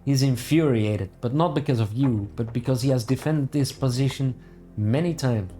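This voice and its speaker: A man's voice: mid-range voice, normal speed, dark tone, soft background music. Man casually reading a game aloud. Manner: casual, offhand asides. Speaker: let's play gamer. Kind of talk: reading game text aloud while playing.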